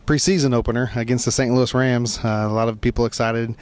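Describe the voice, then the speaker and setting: A man's voice: mid-range voice, fairly even intonation, brisk, clean tone, no room sound. A man reporting from an outdoor football training camp, chatting and joking with fans in a teasing, playful way. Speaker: sideline reporter. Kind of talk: casual field interview.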